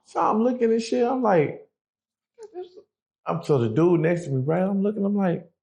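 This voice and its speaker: Gravelly-voiced man telling a story. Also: on the high side, normal speed. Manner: animated, profane street talk, quotes others. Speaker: guest telling prison stories. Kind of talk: casual storytelling.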